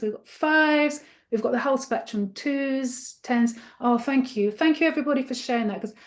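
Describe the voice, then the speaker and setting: Upbeat, encouraging woman trainer, slightly high. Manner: encouraging, chatty and interactive. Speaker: teacher trainer. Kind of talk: live online teacher-training webinar.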